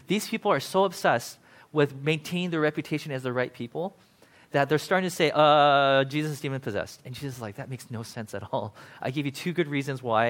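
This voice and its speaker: Male pastor, casual sermon, slightly high voice, chatty paraphrasing. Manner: conversational, animated paraphrasing with frequent "like" and "right?".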